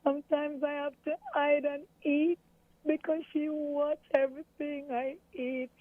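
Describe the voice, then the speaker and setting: A woman's voice: sits high, flat delivery, unhurried. A middle-aged Jamaican woman in an interview, recalling events with her daughter and quoting what others said, tearful at times. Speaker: interviewee, mother of a missing woman. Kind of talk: emotional interview recollection. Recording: tinny phone-like dry sound.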